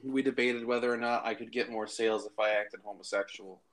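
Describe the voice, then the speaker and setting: A man's voice: lowish voice, fairly even intonation, fairly quick, fairly bright tone. A man hosting a tabletop game podcast in casual banter with friends, laughing often and hesitating with many ums. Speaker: podcast host and player.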